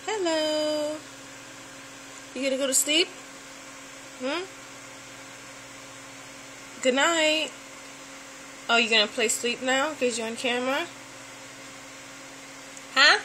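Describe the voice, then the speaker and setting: A pet-owner vlogger films her dog on a handheld camera at home and outside the house, teasing him and baby-talking playfully. Her high voice has a sharp tone, and she speaks slowly with long pauses. The audio is poor, with slight background noise.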